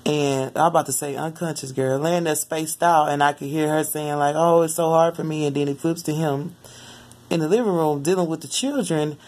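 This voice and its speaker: A mother telling the story of a dream in casual, rambling vlog talk, often jumping into lively quoted asides. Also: sits low, normal speed. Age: adult mother. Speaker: spiritual vlogger.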